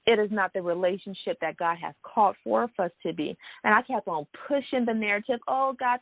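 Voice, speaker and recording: A woman's voice: on the high side, no echo. Earnest woman on a tinny line. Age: adult. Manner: earnest and emphatic, with many "you know" and "right?" asides. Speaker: faith vlogger. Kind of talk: personal testimony to viewers. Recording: dry, phone-like audio.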